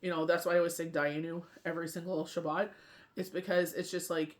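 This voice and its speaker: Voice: medium pitch, flat delivery, fairly quick. A tarot reader and medium in a casual spiritual talk, rambling and often asking "you know what I mean".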